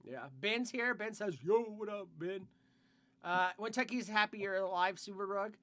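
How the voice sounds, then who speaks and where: A man with a high, bright voice hosts a loose podcast chat. He reads viewer comments aloud and tosses in crude jokes. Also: normal speed. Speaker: podcast host reading chat. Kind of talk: casual chat.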